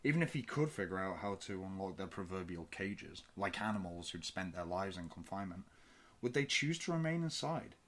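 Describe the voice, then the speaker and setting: A man narrating a fan audiobook with steady, measured storytelling. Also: low voice. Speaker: audiobook reader.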